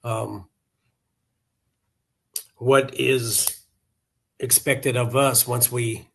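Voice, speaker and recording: A man's voice: medium pitch, fairly even intonation, extremely slow, creaky, fairly bright tone. A contractor in his sixties from Colorado, chatting over a video call, rambling and laughing easily as he repeats his words. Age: 60s. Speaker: contractor client. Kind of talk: casual video call chat.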